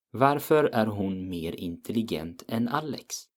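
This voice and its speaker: Slow, low-voiced male language teacher. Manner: patient, repeats each example word slowly. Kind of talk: explaining a language lesson.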